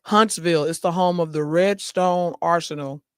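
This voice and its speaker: Reading viewer comments between bursts of laughter, a male talk show host keeps things chatty and speaks to his viewers directly. His voice is a little high and clean, steady in tone, at a moderate pace, captured dry with studio quality.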